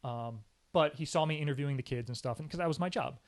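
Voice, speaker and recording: Animated man telling career stories. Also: on the high side, fast talker. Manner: animated storyteller, often acts out quoted speech; energetic, emphatic, casual slang. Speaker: sports anchor and reporter, podcast guest. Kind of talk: casual interview storytelling.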